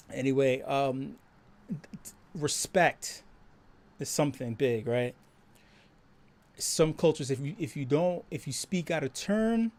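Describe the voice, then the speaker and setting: A man hosting a live stream, talking casually with lots of swearing and laughter, and acting out quoted voices louder and higher. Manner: profane, laughing, animated storytelling. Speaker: host.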